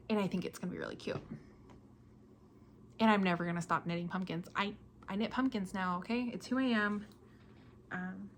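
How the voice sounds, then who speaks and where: A woman's voice: mid-range voice, a little hiss or hum. A young woman hosting a casual podcast, chatting about her projects in a chatty, self-deprecating way and laughing often. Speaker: podcast host.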